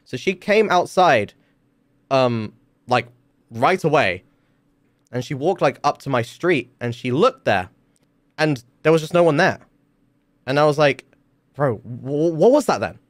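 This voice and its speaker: A man's voice: on the high side, expressive, unhurried, long pauses, no room sound, clean studio sound. A man streaming from home, telling a story in a casual, rambling way with lots of filler words and swearing.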